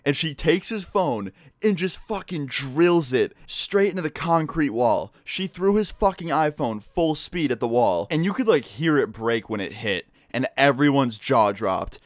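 A man's voice: fairly high pitch, animated, measured pace, hardly any pauses, dry recording, clean studio sound. A young man telling a school story in a casual storytime vlog, cursing freely and talking animatedly. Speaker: vlogger.

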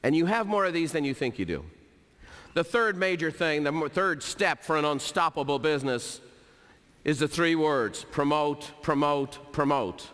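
A middle-aged man giving an energetic motivational business talk, telling stories and repeating key phrases for emphasis. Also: fairly high pitch, normal speed. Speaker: keynote speaker. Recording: hall reverb.

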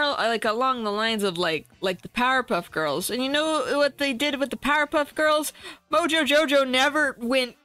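A woman's voice: fairly high pitch, sharp tone, dry recording. Chatty woman streamer with music behind. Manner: chatty, laughing, swearing casually. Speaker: art streamer. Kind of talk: casual chat while drawing. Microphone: desk mic without pop filter.

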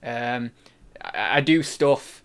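A man's voice: medium pitch, slow, clear, resonant tone. A young man chatting on a live stream, rambling and joking with his viewers. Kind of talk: casual live-stream chat.

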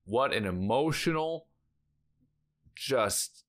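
A man's voice: mid-range voice, animated, drawn-out words. Male reaction vlogger, casual rambling chat, lots of "like," sighs and exclamations. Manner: rambling, heavy use of filler "like"; emotional, sighing and exclaiming. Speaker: reaction channel host.

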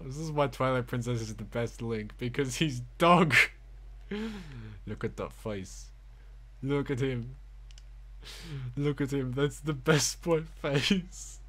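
A man giving rambling, goofy gameplay commentary, baby-talking to the game's wolf and swinging from soft mumbles to loud excited outbursts. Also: medium pitch, slow, long pauses. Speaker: gameplay streamer.

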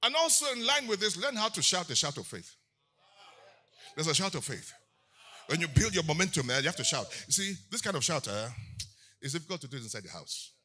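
Fiery preaching man, bright shouting voice. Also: a little high, very animated, brisk, husky. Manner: swings from quiet teaching to shouted declarations. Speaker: pastor. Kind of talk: sermon.

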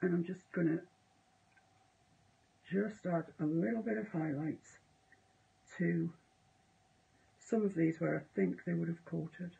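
Lady painting live, husky gravelly voice, rambly and amused, muffled stream audio. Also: lowish voice, fairly even intonation, slow pace, long pauses, mellow. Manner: chatty, self-amused, trails off mid-sentence. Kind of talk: casual live painting demonstration.

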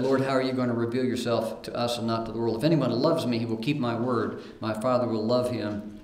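Guy preaching in a church, middle pitch, echoey room, reads verses and stumbles over his starts. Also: a little mellow. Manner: reads scripture aloud with fillers and repeated starts. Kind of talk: sermon. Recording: roomy echo.

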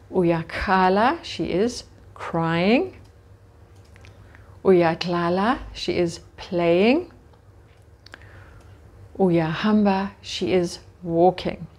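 A woman teacher leading a slow vocabulary drill, saying each word carefully and then giving its meaning. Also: lowish voice, a little mellow. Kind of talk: slow, deliberate vocabulary lesson.

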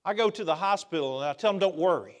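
A man preaching a sermon in a church, swinging between loud emphatic outbursts and quiet asides. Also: high-pitched, expressive, quick pace. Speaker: pastor. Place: church sanctuary.

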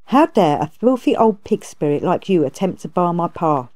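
A woman reading aloud, voicing a stern, lofty female Bodhisattva who admonishes calmly. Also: lowish voice, normal speed. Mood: admonishing. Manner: calm, admonishing.

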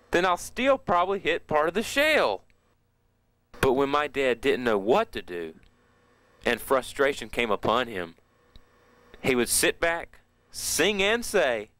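A man giving a rambling, homespun explanation with slow, folksy reasoning. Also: medium pitch, fairly bright tone, no room sound.

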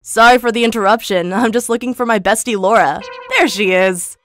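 A woman's voice: on the high side, fairly quick, a bit bright, slight background noise, natural voice. A woman voicing a charming young male celebrity who talks in a breezy, teasing way. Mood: cheerful.

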